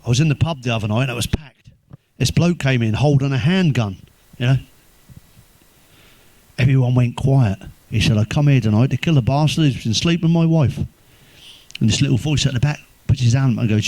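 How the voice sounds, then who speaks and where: An English man doing crude stand-up, swearing constantly and telling deadpan one-liners. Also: mid-range voice, fairly quick, dry recording. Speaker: stand-up comedian.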